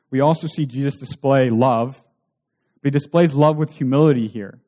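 A man's voice: mid-range voice, normal speed, warm tone. A man preaching a sermon in an earnest way, asking rhetorical questions.

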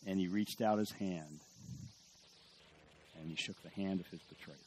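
Pastor preaching, hushed to emphatic. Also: male voice, low voice, normal speed, a little hiss or hum. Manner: storytelling, swings from hushed to emphatic, asks the audience questions. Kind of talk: sermon.

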